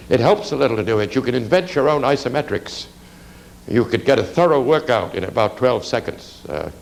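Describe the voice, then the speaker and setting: A man with a gravelly, creaky voice gives a drawing lecture on anatomy, rambling and conversational with plenty of fillers. There is a faint hiss of noise behind him. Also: fairly low pitch, a little mellow, rough recording. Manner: rambling, conversational, lots of fillers and "you see".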